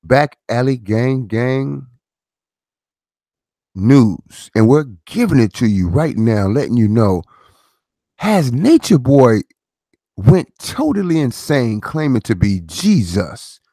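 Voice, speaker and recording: A man's voice: medium pitch, very animated, unhurried, mellow, no room sound, studio quality. A middle-aged man hosting his own commentary channel, talking in a preachy way with rhetorical questions and repeated phrases. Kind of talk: casual commentary monologue.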